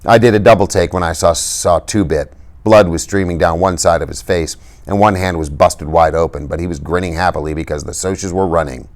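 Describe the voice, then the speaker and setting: Man narrator, very low voice, steady and subdued, reads a novel for a class. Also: fairly quick. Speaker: reader. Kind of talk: reading a novel aloud for a class.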